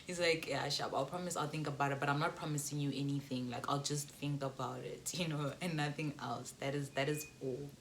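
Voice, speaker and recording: A young South African woman telling a storytime vlog, animated and laughing, slipping between English and local slang. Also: sits low, a little fast, hardly any pauses, a little hiss or hum. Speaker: YouTuber.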